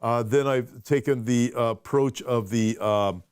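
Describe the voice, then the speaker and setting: A man's voice: medium pitch, measured pace, clean tone, no room sound, clean studio sound. A man, a pastor, hosting a casual conversational show with lots of restarts as he talks. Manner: conversational, restarts and fillers, reads viewer questions. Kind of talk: casual chat.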